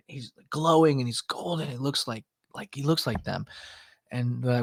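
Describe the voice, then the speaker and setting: An animated young man spins a story on a podcast, jumping into voices for the people he quotes and scattering "like" through his speech. His pitch sits in the middle range, and the studio sound is dry and close. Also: moderate pace, gravelly, no room sound. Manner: animated, acts out voices in quotes, many "like" fillers.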